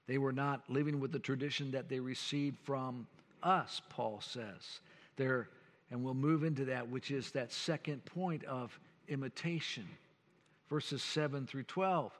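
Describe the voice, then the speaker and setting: A man's voice: mid-range voice, measured pace. An older man, a pastor preaching a sermon with folksy, earnest storytelling. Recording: long church hall reverb.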